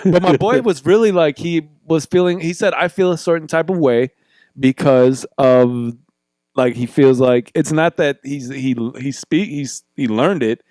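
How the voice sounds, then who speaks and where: Chatty, profane man with a higher voice. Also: no echo, studio quality. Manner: animated storyteller, profane, quick bursts. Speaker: podcast co-host. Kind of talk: casual chat.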